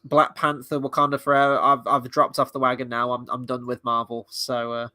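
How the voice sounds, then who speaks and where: Bright-voiced excitable male streamer. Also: mid-range voice, brisk, no room sound. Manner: chatty, excitable, swears freely. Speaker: livestream host and movie reviewer. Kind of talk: casual live watchalong commentary.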